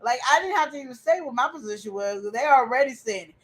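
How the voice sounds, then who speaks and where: A woman with a high voice co-hosts a casual livestream chat. She tells a story with lively energy and acts out the voices of the people she quotes. She is coming down with a cold and has a runny nose. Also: fast. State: getting sick, runny nose. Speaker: co-host.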